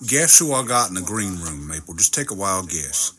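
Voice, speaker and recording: A man's voice: low voice, very animated, normal speed, sharp tone, full character voice. A man playing a sentimental old country bandmate with a rambling, folksy way of talking, in an improvised comedy sketch.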